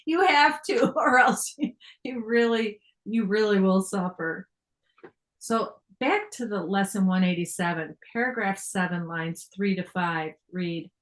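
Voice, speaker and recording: A woman's voice: medium pitch, poor audio. An older woman giving a reflective spiritual talk, reading passages aloud and explaining them earnestly, often laughing and restarting her phrases. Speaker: speaker sharing on a spiritual text.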